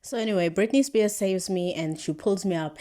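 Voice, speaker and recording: A young woman with a South African accent tells a story as if chatting with friends. Her voice is mellow and low in brightness, and her slangy delivery is animated and packed with casual fillers. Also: fairly quick. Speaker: vlogger.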